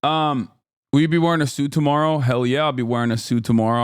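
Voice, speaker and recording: A man in his thirties hosts a livestream, chatting casually and rambling with plenty of swearing. He often drops into mock announcer openings. His smooth, clear voice is recorded dry and close. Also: mid-range voice, little pitch movement, fast talker, no echo. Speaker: livestream host.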